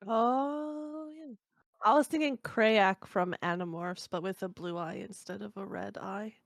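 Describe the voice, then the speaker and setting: A woman's voice: medium pitch, a little slow, creaky, no room sound. A woman co-hosting a podcast, chiming in with dry wisecracks during casual chat.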